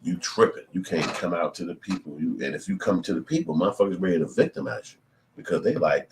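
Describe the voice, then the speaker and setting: A middle-aged man, telling a story in profane, animated casual commentary. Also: low voice, fast. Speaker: channel host.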